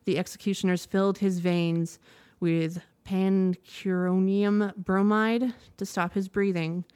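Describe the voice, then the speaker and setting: A woman reading a news report aloud in a measured, steady way, now and then stopping to correct a word. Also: mid-range voice, smooth. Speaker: news reader.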